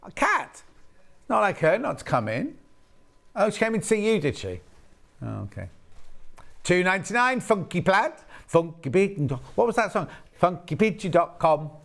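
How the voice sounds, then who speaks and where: A man's voice: high-pitched, wildly swooping pitch, normal speed, gravelly, pauses often, fairly bright tone. A man presenting fabrics on a live home-shopping show, chatting and rambling between asides as he reads out prices. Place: TV studio.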